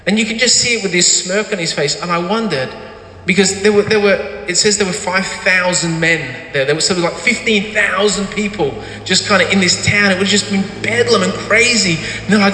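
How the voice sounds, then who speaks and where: A man preaches in a high, bright voice, acting out the lines of the story with lively energy. His voice rings through an echoey hall with a long reverb tail. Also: normal speed, a little hiss or hum. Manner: animated storytelling, acting out quotes. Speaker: pastor. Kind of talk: sermon.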